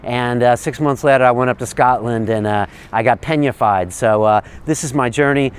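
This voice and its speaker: A man's voice: medium pitch, moderate pace, clean tone. A man hosting a show, talking casually to the camera in a friendly, enthusiastic way with lots of "uh" fillers. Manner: loose, rambling, many "uh" fillers. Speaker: host.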